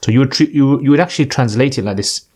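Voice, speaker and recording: A man's voice: medium pitch, quick pace, darkish tone. Patient man teaching Arabic grammar. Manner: patient, checks in with "right?" often. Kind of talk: explanatory lesson with recitation.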